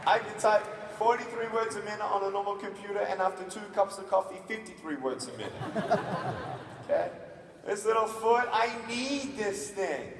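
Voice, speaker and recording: A man's voice: sits high, normal speed, background noise. Aussie guy doing a motivational speech on stage, acts stuff out, big echoey hall with a long tail. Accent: Australian. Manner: animated, acts out scenes, calls on audience to repeat. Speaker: motivational speaker. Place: large conference hall. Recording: distant, echoey hall recording.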